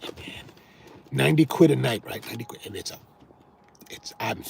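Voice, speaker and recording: Gravelly man telling rambling stories. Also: medium pitch, normal speed, darkish tone. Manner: chatty, many restarts and repeated words. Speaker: coffee show host answering viewer questions. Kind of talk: casual rambling storytelling. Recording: clear background noise and ambience.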